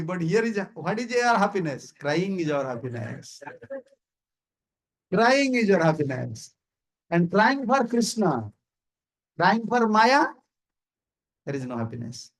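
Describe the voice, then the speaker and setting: A man's voice: sits high, big pitch swings, unhurried, long pauses. A man with an Indian accent giving an informal sermon at a house gathering, repeating his points emphatically and checking that listeners understand. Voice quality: gravelly and husky. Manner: repetitive, emphatic, asks listeners "you understand?", chuckles often. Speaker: visiting swami giving a talk. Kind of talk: informal sermon to a small group.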